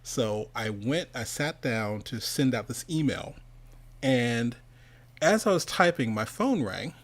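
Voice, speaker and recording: A man's voice: medium pitch, expressive, slow. A middle-aged man hosting an online summit, telling a long casual story, rambling and cutting himself off, laughing often and slipping into other people's voices. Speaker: host of an online animation summit.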